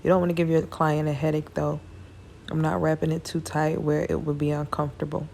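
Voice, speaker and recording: A woman with a low, gravelly voice walks viewers through a braiding tutorial in a relaxed, chatty way. She sounds tired and speaks in a flat, even tone. Faint background noise sits under her voice. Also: fairly quick. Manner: casual, chatty, addresses viewers as y'all. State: tired, yawning. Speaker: hair braider. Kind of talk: hair tutorial talk.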